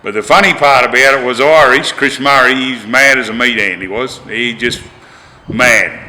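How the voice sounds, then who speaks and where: An older Australian man telling a rough-and-tumble story from his past in a colloquial, animated, yarn-spinning way. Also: medium pitch, moderate pace, long reverb tail, slight background noise, poor audio. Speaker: interviewee. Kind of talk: storytelling anecdote.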